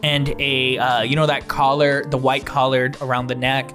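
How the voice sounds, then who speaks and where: A man's voice: mid-range voice, little pitch movement, moderate pace, a bit bright, faint music behind. A man narrating a tabletop game as game master, rambling with fillers and restarts.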